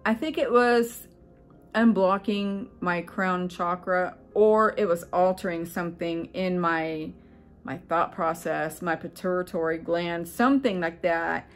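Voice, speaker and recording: A woman's voice: fairly low pitch, measured pace, soft background music. A middle-aged woman vlogger telling a personal story in a casual, earnest, rambling way, with many fillers and restarts.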